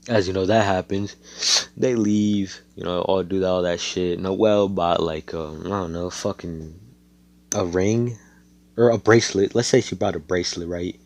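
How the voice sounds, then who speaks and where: A man's voice: deep voice, fairly even intonation, moderate pace, a little mellow. A young man casually making up a fan story aloud, rambling and profane with lots of asides. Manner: rambling, profane, laid-back, frequent fillers and asides.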